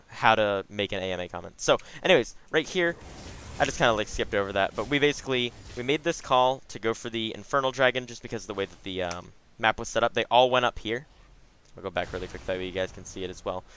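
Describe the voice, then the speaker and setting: A man's voice: mid-range voice, fairly bright tone, a little hiss or hum. A young man giving casual, chatty commentary over his own gameplay, with frequent asides.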